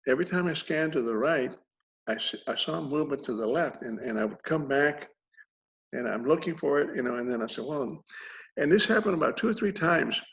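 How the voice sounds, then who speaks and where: A man telling a personal story in a halting way, repeating words and chuckling through grim details. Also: on the high side, animated, gravelly, a bit bright. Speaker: interviewee recounting a combat injury. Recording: dull lo-fi recording.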